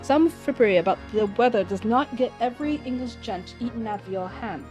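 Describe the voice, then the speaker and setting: A woman's voice: mid-range voice, a little fast, over music, natural voice. A woman voicing an impatient male police inspector with a put-on English accent, reading game dialogue aloud. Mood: gruff.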